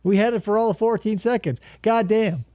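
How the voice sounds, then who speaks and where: A man's voice: high voice, brisk, warm tone, dry recording. Podcast host, man, profane sarcastic riffing, dry close sound. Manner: crude, profane, sarcastic joking. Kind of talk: casual riffing commentary.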